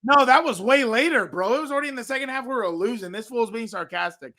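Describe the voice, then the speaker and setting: A man's voice: very high-pitched, lively intonation, quick pace, bright, forceful tone. A man co-hosting a casual sports chat, trading blunt, sarcastic banter. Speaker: co-host.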